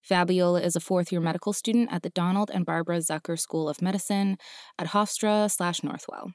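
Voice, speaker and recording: A woman hosting a podcast, giving a measured, scripted introduction of the next storyteller. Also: on the low side, steady tone, no echo, studio quality. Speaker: podcast host.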